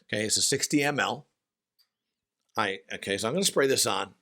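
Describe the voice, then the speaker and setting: A middle-aged man speaks in a hoarse, somewhat low voice from his home studio. He chats casually about a fragrance, often restarting and repeating himself as he goes. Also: a little fast, bright, forceful tone. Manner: chatty, with frequent restarts and repetitions. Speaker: fragrance reviewer. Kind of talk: casual review chat.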